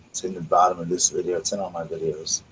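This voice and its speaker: A man, hosting a livestream and speaking quietly and slowly in a gentle ASMR murmur while reading aloud and chatting. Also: sits low, flat delivery, a little hiss or hum, rough recording. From South Carolina. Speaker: livestream host. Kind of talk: soft-spoken ASMR reading and chat.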